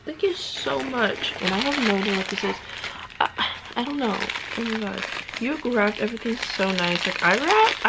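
A young woman vlogging as she unboxes gifts, gushing and excitable, full of "oh my god" and "like". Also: on the high side. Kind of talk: casual unboxing vlog. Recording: clear background noise.

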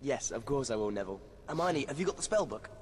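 A man's voice: mid-range voice, very animated, fast, a little hiss or hum, close to an everyday voice. An actor voicing an earnest, encouraging teenage boy wizard in a video game. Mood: kind. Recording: game audio with reverb and music.

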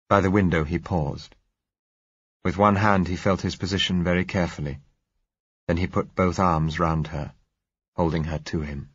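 A man reading a novel aloud in measured, first-person narration. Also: deep voice, fairly even intonation, fairly bright tone, breathy edge, dry recording. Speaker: audiobook narrator. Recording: dull lo-fi recording.

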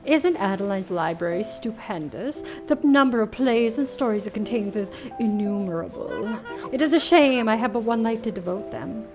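A woman's voice: mid-range voice, lively intonation, normal speed, over music, close to an everyday voice. A woman voicing a flowery, bookish male wordsmith in a cozy game, with grand, formal wording. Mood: grandiose.

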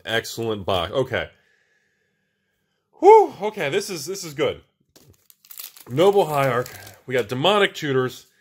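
A man hosting a casual card-unboxing video, talking to viewers as he opens packs, excitable and repeating himself. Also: medium pitch. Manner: excitable, repeats words, often addresses viewers as everybody. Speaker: channel host opening card packs.

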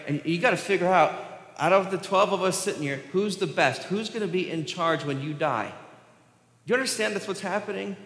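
A man's voice: medium pitch, fairly bright tone. A male pastor delivers a sermon in a loose, conversational way, slipping into voices for the people he quotes. His voice sits in the middle range. The recording carries the roomy echo and long reverb of a large church hall. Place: church sanctuary.

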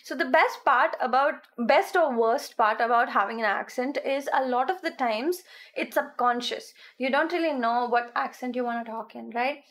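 Young woman from India, Indian English accent that slides toward American, high voice, giggly and slangy, casual stream chat. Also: a little slow, fairly bright tone. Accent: Indian English, shifting toward American.

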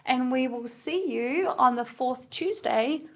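A woman's voice: high voice, slow. A middle-aged woman from New Zealand with a slight Kiwi accent, co-hosting an online community call in a chatty way, thinking aloud with small restarts. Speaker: co-host of a community video call. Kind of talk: casual online meeting chat. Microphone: video call.

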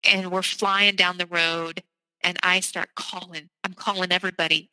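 A woman's voice: on the low side, little pitch movement, moderate pace, sharp tone, no room sound, rough recording. Woman, middle-aged, podcast guest, candid storytelling, dry close sound. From American South. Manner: candid, urgent, vivid recounting. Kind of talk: personal storytelling.

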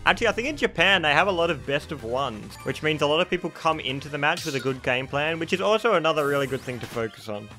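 Casting note: young man, gaming streamer, bright forceful voice, fairly high, faint music behind. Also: quick pace, few pauses. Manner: excitable, reacting loudly to plays. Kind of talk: live gameplay commentary.

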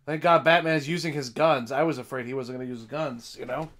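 Excitable, bright-voiced man streaming. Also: mid-range voice, a little fast, hardly any pauses. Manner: excitable, profane, bursts into shouts. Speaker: live stream host. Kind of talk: casual live reaction chat. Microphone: desk mic with headphones.

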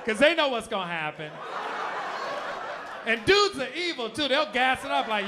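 A man performing a loud, animated, profane stand-up comedy routine on a comedy club stage. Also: extremely high pitch, moderate pace, pauses often, heavy background noise. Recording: live club audio with crowd laughter.

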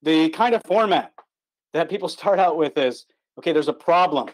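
A man's voice: fairly high pitch, lively intonation, moderate pace. A man preaching an online gospel sermon in an earnest, emphatic way, repeating his key words for stress. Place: online call.

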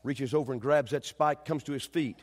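A male pastor preaching a sermon, telling stories with shouted quotes and then dropping to quiet, earnest delivery. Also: mid-range voice, fairly even intonation, brisk. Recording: long reverb of a church hall.

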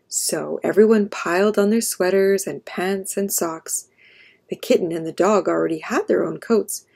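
A woman storyteller reading a children's picture book aloud in a gentle, expressive way. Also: mid-range voice, gravelly.

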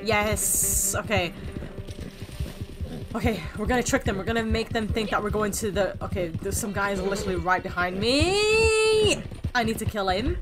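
A young woman giving chatty, self-mocking commentary while playing a video game. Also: mid-range voice. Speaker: gaming YouTuber. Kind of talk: casual gameplay commentary. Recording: game sounds and hooves over voice.

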